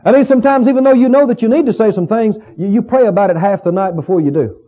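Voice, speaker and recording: A man's voice: high voice, quick pace, dark tone. A male pastor preaching a sermon in a folksy, emphatic way, often repeating his phrases for weight. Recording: dull lo-fi recording.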